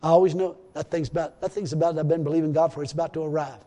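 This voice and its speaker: A man's voice: fairly high pitch, steady tone, racing, warm tone, in a large hall. A man preaching a rambling, repetitive sermon in a church, full of hallelujahs. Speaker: pastor.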